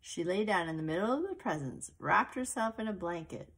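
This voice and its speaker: A woman reading a picture book aloud to a child, slowly and expressively, with little asides about the pictures. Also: on the low side, lively intonation, slightly rough.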